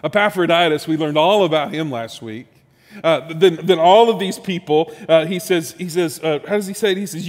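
Pastor preaching in a reverberant church. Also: male voice, fairly high pitch, fairly quick. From Texas, USA. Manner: storytelling, animated, with rising emphasis and restarts. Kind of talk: sermon.

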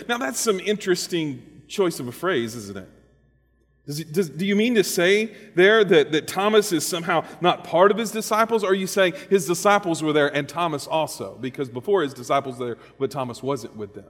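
A pastor preaching a sermon, conversational and dynamic, with rhetorical questions and humor. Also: male voice, a little high, very animated, normal speed, long reverb tail.

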